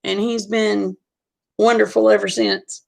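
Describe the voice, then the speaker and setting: Chatty woman with a gravelly voice. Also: medium pitch, little pitch movement, a little slow, a little mellow. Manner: chatty, frank, repeats "I said". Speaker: vlogger. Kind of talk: casual storytelling.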